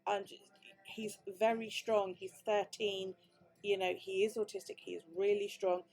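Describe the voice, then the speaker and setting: A woman's voice: mid-range voice, level tone, a little slow, darkish tone, soft background music. A British woman vlogger telling a story in casual chat, swearing freely and acting out the quoted dialogue. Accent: British English. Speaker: crafting vlogger.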